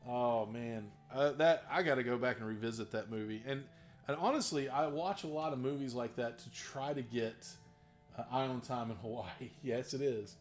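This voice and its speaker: A man's voice: medium pitch, moderate pace, soft background music. A man who runs tabletop games, answering viewer questions in a casual live stream. He rambles with enthusiasm and laughs often. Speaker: game master streaming a Q&A.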